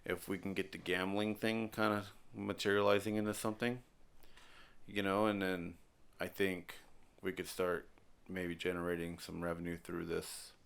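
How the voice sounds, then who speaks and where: A man's voice: deep voice, flat delivery, normal speed, vocal fry, fairly bright tone, clear, resonant tone. A middle-aged man, a father co-hosting a podcast, thinking aloud in rambling casual chat at home. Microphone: stand mic.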